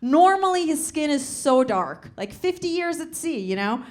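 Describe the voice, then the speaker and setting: A young woman from the Soviet Union performing stand-up comedy on a club stage, telling a story in a chatty way with deadpan punchlines. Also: high voice, normal speed.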